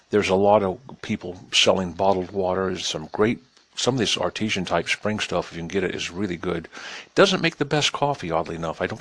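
A man's voice: low voice, a bit bright. A man giving a sarcastic news commentary, reading reports aloud and mocking them while talking straight to his listeners in a folksy way. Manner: cynical, reads news aloud and mocks it; addresses listeners directly, folksy.

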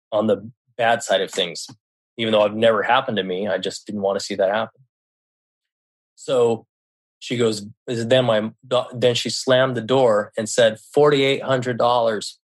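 A middle-aged man telling a personal story in casual speech, stopping often to restart and correct himself. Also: on the low side. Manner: halting, with frequent restarts and self-corrections.

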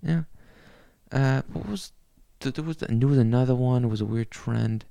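Gravelly, foul-mouthed man ranting. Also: medium pitch, moderate pace, warm tone, dry recording. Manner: crude, rambling, heavy swearing. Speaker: podcaster. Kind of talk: profane solo rant. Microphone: laptop mic.

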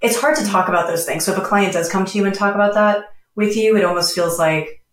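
A woman's voice: medium pitch, fast talker. A woman psychologist talking casually on a podcast, chatty, often laughing and using many fillers. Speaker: psychologist guest. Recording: roomy distant mic.

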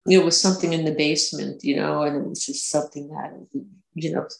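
Guest: woman, gravelly voice, halting delivery, roomy echo. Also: low-pitched, fairly even intonation. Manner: hesitant, many restarts and fillers. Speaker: interview guest. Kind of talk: casual recounting of personal experiences.

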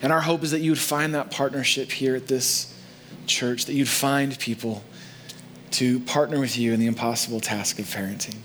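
A man's voice: medium pitch, fairly even intonation, normal speed, a bit bright, slight background noise. A man preaching as pastor in a church, earnest and conversational. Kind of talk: sermon. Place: church sanctuary.

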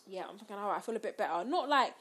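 A woman's voice: medium pitch, lively intonation, very fast, a bit bright. A young woman telling a story in casual chat, acting out the quotes with rising squeals.

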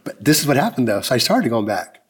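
A man's voice: very animated, quick pace, breathy edge. A man in his fifties preaching a sermon as pastor, telling personal stories and acting out the dialogue. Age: 50s. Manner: storytelling, acting out dialogue in lowered voices.

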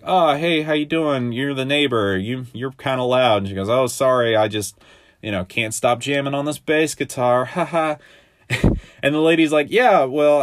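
Young male podcast host, low-pitched, loose rambling recap, dry close-mic sound. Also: dry recording. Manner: rambling, laid-back, lots of fillers and quick asides. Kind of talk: casual recap of a TV episode.

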